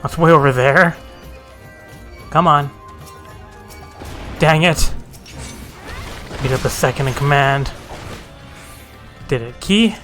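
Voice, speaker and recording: Wry, bright-voiced man gaming. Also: medium pitch, fairly even intonation, slow pace, long pauses, faint music behind. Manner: wry, swears casually. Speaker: let's play host. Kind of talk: casual gameplay commentary.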